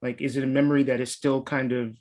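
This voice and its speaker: An attentive male interviewer in the middle of his range, asking open questions and chiming in with quick affirmations while his guest talks. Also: medium pitch, flat delivery, a little mellow.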